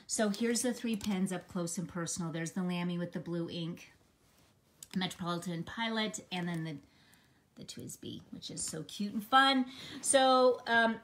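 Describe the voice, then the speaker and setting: A woman's voice: medium pitch, fairly bright tone. A middle-aged woman hosting a live stream, chatting in a bubbly, gushing way. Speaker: planner community host. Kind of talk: casual live-stream chat. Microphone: phone camera.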